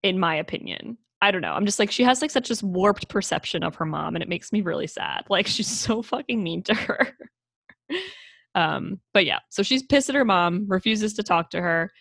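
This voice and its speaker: A woman's voice: moderate pace, gravelly, no room sound. A woman co-hosting a casual podcast chat, recapping a film's plot, acting out the characters' lines and swearing freely. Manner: animated, acts out characters with big pitch jumps, swears casually. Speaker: podcast co-host.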